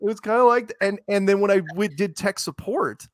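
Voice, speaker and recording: A middle-aged man with a soothing, low voice chats in a rambling, storytelling way, slipping into quoted voices as he goes. He sits close to the mic on a video call with a dry, dead sound. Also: brisk, dry recording. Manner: rambling storyteller, animated quoting. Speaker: show host. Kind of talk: casual interview chat.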